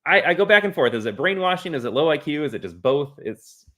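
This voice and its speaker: A man's voice: on the high side, big pitch swings, fast, a bit bright. A male host of a live-streamed political show who talks bluntly and emphatically, often stumbling over a repeated "I". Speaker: podcast host.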